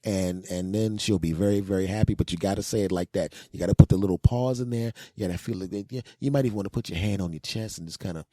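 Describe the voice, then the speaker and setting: Husky-voiced man ranting comically. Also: low voice, fast, few pauses, mellow, no echo, clean studio sound. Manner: griping, exasperated, profane. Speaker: comedy podcast host. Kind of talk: comedic rant with acted-out scenes.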